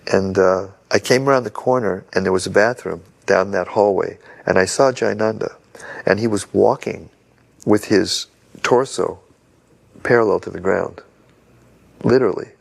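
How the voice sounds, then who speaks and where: A man's voice: low voice, moderate pace, gravelly. An older man in an interview, earnestly telling a story from memory. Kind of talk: reminiscing interview.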